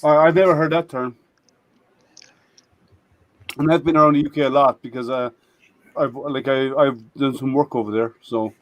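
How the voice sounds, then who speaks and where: A man's voice: medium pitch, steady tone, no room sound, lo-fi sound. Rambling man, dry close sound. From Michigan, United States. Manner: rambling, halting, with many restarts. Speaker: host. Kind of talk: casual group chat on a live stream.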